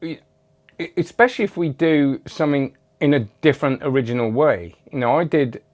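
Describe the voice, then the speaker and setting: A man's voice: on the high side, brisk, darkish tone. A man hosting a magic channel, chatting casually and rambling as he reads out viewer comments, with self-deprecating asides. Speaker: magic video host.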